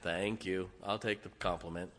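An older man preaching a sermon in a church, swinging from booming declarations to quiet wry asides. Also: steady tone, normal speed. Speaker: pastor. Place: church sanctuary. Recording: long hall reverb.

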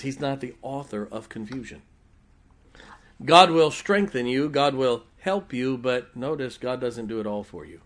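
A middle-aged man preaching a sermon in a folksy, humorous way, swinging from loud emphasis to quiet, intimate asides. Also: mid-range voice. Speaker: pastor.

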